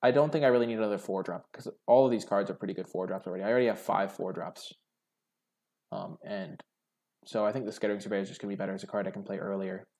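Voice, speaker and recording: Young male game host, lowish voice, casual think-aloud draft commentary with lots of fillers. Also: steady tone, quick pace, darkish tone. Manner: musing, hesitant, many "like" fillers. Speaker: card game video host.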